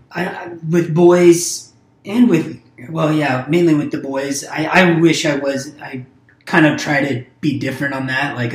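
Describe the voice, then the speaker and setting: A man talks casually on a podcast, thoughtful and a little halting, often restarting his sentences. His voice carries a clear room echo. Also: medium pitch. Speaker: podcast co-host, father. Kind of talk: casual conversation.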